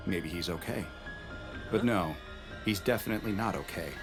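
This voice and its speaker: Low guy narrating a creepy story, slow and steady, loud music behind. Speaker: narrator of the reacted video. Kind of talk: scripted horror story narration.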